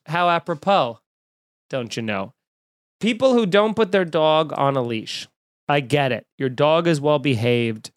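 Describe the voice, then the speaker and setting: A man's voice: sits high, a bit bright, no room sound, clean studio sound. A young man hosting a podcast, delivering a profane, exasperated comedic rant full of fillers and asides. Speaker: podcast host.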